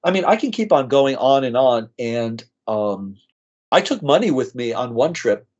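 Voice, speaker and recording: A man's voice: medium pitch, big pitch swings, moderate pace, a little mellow. Earnest man telling emotional stories. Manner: earnest, emotional storytelling with many restarts. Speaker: nurse practitioner guest. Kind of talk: storytelling in a podcast interview. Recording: slightly dull lo-fi audio.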